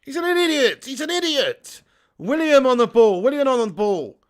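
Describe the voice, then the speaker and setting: Young guy doing footy commentary, high voice, gets loud and sweary. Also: moderate pace. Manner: excitable, swearing, shouts at the referee. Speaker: football watch-along host. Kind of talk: live match commentary and chat.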